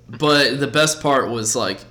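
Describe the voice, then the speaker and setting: A man hosting a podcast, telling a story in casual chat with lively, profane energy. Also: medium pitch, slow pace. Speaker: podcast host.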